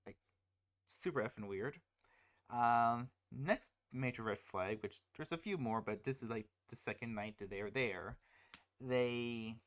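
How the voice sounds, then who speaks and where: Casual film rant, exasperated, rambling, restarts, incredulous host. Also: mid-range voice. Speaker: channel host.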